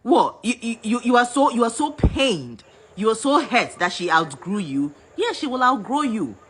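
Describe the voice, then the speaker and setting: A woman's voice: on the high side, big pitch swings, moderate pace, breathy edge. A Ghanaian woman in a heated rant, scolding and repeating herself as she switches between English and Twi. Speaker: vlogger.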